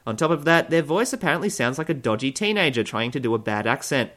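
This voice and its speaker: A man reading satirical news items in a mid-pitched voice. He moves from flat news delivery to sarcastic, mock-cheerful asides. His tone stays dry and wry. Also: fast. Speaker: comedy news host.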